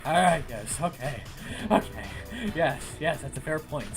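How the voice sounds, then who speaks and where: A young man streaming casually, ranting loud and exasperated and repeating himself. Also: a little high, a little slow, soft background music. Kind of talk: casual chat on a livestream.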